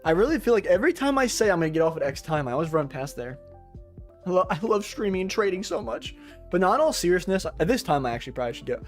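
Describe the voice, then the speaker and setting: A man's voice: sits high, big pitch swings, fast, soft background music. A young man who day-trades and streams, chatting casually, rambling, slangy and profane, often joking at his own expense. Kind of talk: casual livestream chat.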